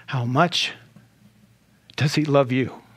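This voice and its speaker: Animated male pastor preaching. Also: mid-range voice, slow pace, slightly rough. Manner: animated, rhetorical questions, humorous asides. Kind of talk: sermon.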